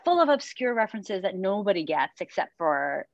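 A chatty woman tells stories in a loose, rambling way, laughing between thoughts and acting out what people said. Her voice sits in a middle pitch, recorded close and dry with slightly dull, muffled sound. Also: sing-song, normal speed, dry recording. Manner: chatty storyteller, laughs often, acts out quotes. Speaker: running coach and podcast host. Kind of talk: casual chat.

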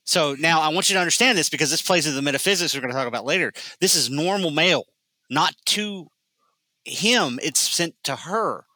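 A man's voice: a little high, expressive, fairly quick, sharp tone, no room sound, rough recording. A man co-hosting a casual movie podcast, explaining plot points emphatically in an easygoing way. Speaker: podcast co-host. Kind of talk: casual movie review chat.

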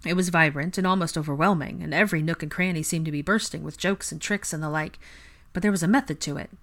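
Rich: A woman with a low voice reads a fan fiction audiobook aloud. Her narration is steady and even-paced, in plain storytelling fashion. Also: fast talker.

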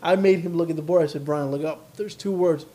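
A man with a high voice, co-hosting a casual podcast chat. He tells stories with energy and slips into quick impressions of the people he talks about. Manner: animated storyteller, acts out quotes. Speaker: podcast co-host.

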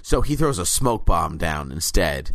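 A man's voice: sits low, very animated, a little slow, vocal fry, fairly bright tone, no echo, clean studio sound. A man co-hosting a podcast, chatting casually and slipping into silly character voices. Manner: jokey, does silly character voices mid-story. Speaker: podcast co-host. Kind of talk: casual chat recapping a TV episode.

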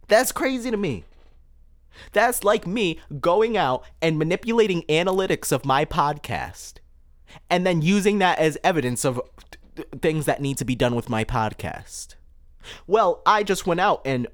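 A man with a lively, swinging pitch holds forth on his own podcast. He talks in emphatic bursts and hammers home words by repeating them, close on a podcast microphone. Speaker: podcast host. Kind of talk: solo podcast commentary.

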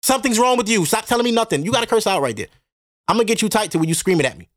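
A man's voice: high voice, lively intonation, very fast, no room sound, clean studio sound. A man hosting a casual solo podcast, talking bluntly and profanely to his listeners and laughing often. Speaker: podcast host.

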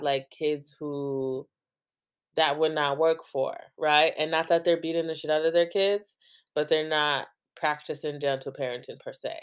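A young woman from New Jersey talks through her podcast in a loose, rambling way, leaning on "like" and breaking into laughs. Her voice sits low for a woman. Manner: rambling, heavy use of "like", laughs often. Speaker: podcast host. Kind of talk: casual chat.

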